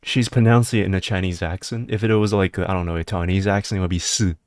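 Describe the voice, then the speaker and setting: A man chats casually to his stream in a deep, low-pitched voice, rambling with frequent restarts and sudden excitable turns. The sound is close and dry, with no room around it. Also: fast, dry recording. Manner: excitable, rambling, breaks into laughter and high-pitched disbelief. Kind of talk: casual live-stream chat.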